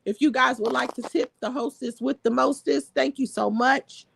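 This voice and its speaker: A woman's voice: sits high, fairly even intonation, moderate pace, vocal fry, breathy edge, no echo. A woman hosting a live stream, chatting casually and reading viewer comments aloud, laughing often.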